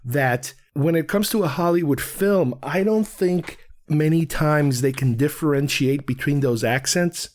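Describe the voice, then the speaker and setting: A man's voice: a little high, measured pace, darkish tone. A man, raised in Queens, hosting a solo film commentary show and thinking aloud in a rambling, conversational way. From Queens, New York. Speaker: film podcast host.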